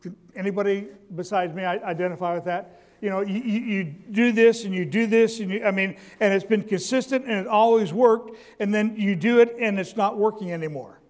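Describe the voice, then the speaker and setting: High-voiced man preaching a sermon. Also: brisk, darkish tone. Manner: calls for audience response, repeats key lines; stammering restarts.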